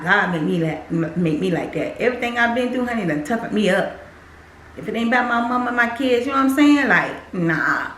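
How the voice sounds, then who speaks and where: A woman tells her own story in a casual testimony, addressing her viewers directly as a group. She leans on repetition to drive each point home. Her voice sits at an ordinary middle pitch and rings around a roomy, echoing space. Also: fairly bright tone, a little hiss or hum. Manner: emphatic, repeats phrases for weight; speaks directly to viewers as "y'all". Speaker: faith vlogger sharing her testimony.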